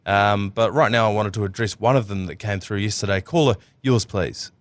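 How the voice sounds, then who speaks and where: Joking New Zealand podcast host. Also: male voice, lowish voice, a little fast, no echo. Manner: joking, rambling, laughs often. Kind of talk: casual sports chat.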